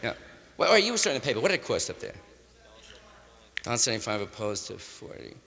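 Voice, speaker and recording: A man riffing loosely in hip slang, often ending lines with "man" and slipping into quick impressions of others. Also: medium pitch, very animated, gravelly, pushed and bright, in a large hall. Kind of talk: loose hipster riffing monologue.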